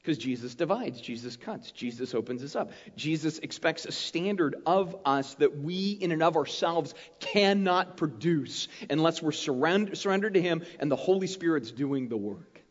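High-pitched guy preaching, chatty and animated, keeps asking "right?", muffled sound with long hall echo. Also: normal speed, hardly any pauses. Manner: conversational, animated preaching with frequent "right?" tags. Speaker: pastor. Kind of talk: sermon.

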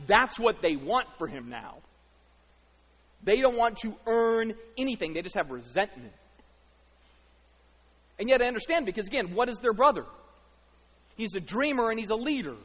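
A man preaching a sermon in a lively, conversational way, acting out the lines of the people he describes. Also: high-pitched, moderate pace, long pauses, big-room sound, muffled recording. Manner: animated, conversational, acts out quotes. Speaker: pastor.

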